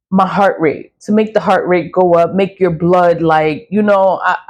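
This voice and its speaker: A woman's voice: lowish voice, a little mellow. A woman talking in a casual rambling monologue, swearing freely, repeating herself and laughing often. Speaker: spiritual product vlogger.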